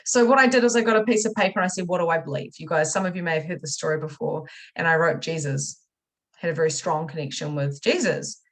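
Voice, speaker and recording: A woman teaching a spiritual money masterclass. She talks casually and swears, leaping from loud excitement to quiet, confessional asides. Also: sits low, fast, poor audio. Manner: casual swearing, chatty direct address. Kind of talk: motivational masterclass talk.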